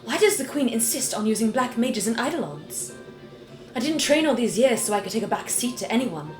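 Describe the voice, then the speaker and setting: A woman's voice: on the high side, sing-song, fairly quick. A woman voicing a stern, proud woman general, with a commanding delivery and an attempted accent. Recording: roomy, game music behind.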